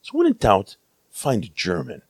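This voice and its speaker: An American man casually telling a story about his travels, lively, acting out the people he quotes. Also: fairly low pitch, moderate pace, slightly rough, dry recording. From United States. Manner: animated, acts out quoted voices.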